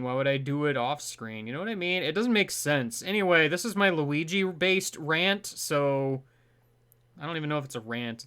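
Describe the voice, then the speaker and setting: A man's voice: a little high, sharp tone, clear, resonant tone. A young man rambling casually through gameplay commentary, laughing at his own asides. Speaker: let's play host.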